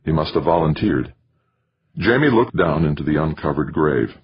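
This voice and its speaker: A man reading a novel aloud as an audiobook narrator, in expressive storytelling. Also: rumbling low, moderate pace, breathy edge, highs cut off. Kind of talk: scripted narration.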